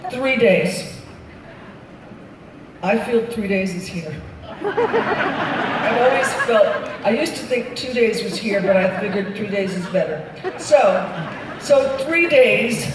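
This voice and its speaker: Older woman telling stage stories in a booming arena. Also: darkish tone, heavy reverb, a little hiss or hum. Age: 70s. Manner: chatty, laughing, acts out other people's lines. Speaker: singer and actress on stage. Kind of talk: telling stories to a live audience. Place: large arena stage before a live crowd. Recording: distant audience recording in a booming arena.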